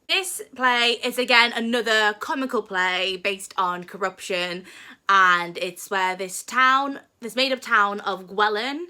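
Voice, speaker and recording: A woman's voice: medium pitch, measured pace, pushed and bright. A young woman and drama student, talking to camera in a chatty, playful, self-mocking way. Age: young adult. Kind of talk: casual chat to camera.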